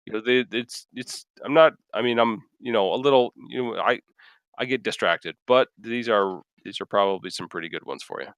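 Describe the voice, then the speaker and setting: Guy dm narrating a dnd session, smooth clear voice, dry close mic, lots of uh and like. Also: mid-range voice, a bit bright, dry recording. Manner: halting, filler-heavy narration. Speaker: dungeon master. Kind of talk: narrating a tabletop game.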